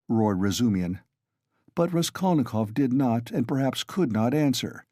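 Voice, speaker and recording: Dark-voiced male audiobook narrator. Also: on the low side, normal speed, no room sound, studio quality. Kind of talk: scripted narration.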